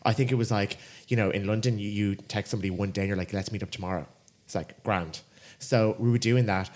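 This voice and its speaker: A man with an Irish accent, co-hosting a podcast and telling a dating story in casual chat, acting out voices as he goes. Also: fast. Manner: animated storyteller, jumps high to act out quoted voices. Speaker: podcast co-host.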